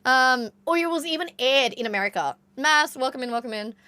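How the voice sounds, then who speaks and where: A woman's voice: sits high, expressive, fairly quick, bright, forceful tone, no room sound. Chatty Australian woman streamer. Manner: chatty, swears casually, reads chat aloud. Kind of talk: casual live-stream chat with viewers.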